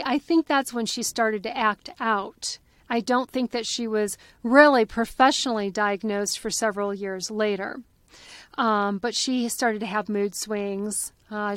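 A woman's voice: fairly high pitch, a bit bright, dry recording. A woman in her forties hosting a podcast in a casual, candid solo talk, laughing often and swearing lightly. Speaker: podcast host.

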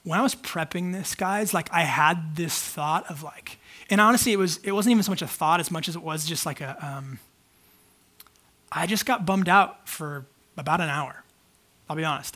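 Pastor, male, high voice, preaches in a loose, candid, conversational way. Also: moderate pace, pushed and bright. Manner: conversational, candid, many fillers. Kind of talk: casual sermon.

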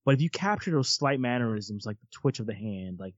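Animated storytelling man, muffled sound. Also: mid-range voice, a little fast, no room sound. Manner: animated storyteller, laughs at his own stories. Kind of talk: casual chat.

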